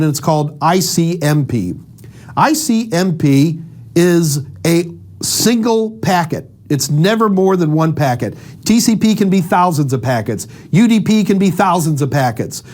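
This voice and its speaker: A middle-aged man giving a casual explanatory lecture, lively and acting out little dialogues to make his points. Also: fairly high pitch. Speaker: instructor.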